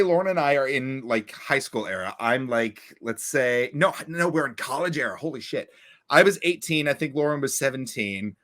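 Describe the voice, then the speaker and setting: A lively young man from Long Island, New York, with a bright voice, co-hosts a podcast and tells stories in casual chat. He's animated and acts out his friends' voices with big jumps in pitch, recorded over a remote podcast call.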